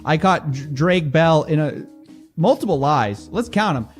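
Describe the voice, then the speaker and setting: An investigative YouTuber addresses the camera with a fairly high voice and an unhurried pace, faint music playing behind him. He is animated, exasperated and a little mocking, putting on voices when he quotes people.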